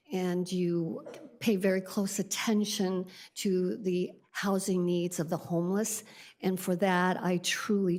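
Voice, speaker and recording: A woman's voice: lowish voice, darkish tone. A woman speaking during public comment at a city council meeting, thanking council members in a heartfelt, earnest way.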